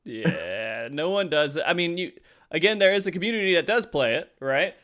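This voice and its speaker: Male podcast host, casual and animated, clean smooth tone, pitched a bit high, laughs a lot. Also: moderate pace. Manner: animated, laughs often, trails off and restarts. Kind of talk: casual chat.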